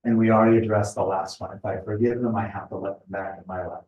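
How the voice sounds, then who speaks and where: A middle-aged man speaking at a spiritual retreat in a conversational, thoughtful way, often pausing with fillers. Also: lowish voice, steady tone, muffled recording. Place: retreat house meeting room. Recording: echoey room, voice picked up from a distance.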